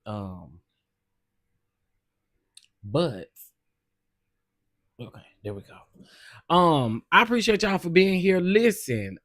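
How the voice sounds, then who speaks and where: A man hosting a casual live stream, greeting viewers by name and chatting in a loose, drawn-out way. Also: fairly high pitch, no room sound, clean studio sound. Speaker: livestream host.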